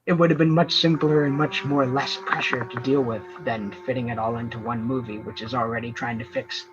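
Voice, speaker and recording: A man's voice: mid-range voice, fairly even intonation, a little fast, over music. Guy rambling on a fan review chat, kinda muffled lo-fi sound, mid voice. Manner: rambling, many restarts and fillers. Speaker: co-host.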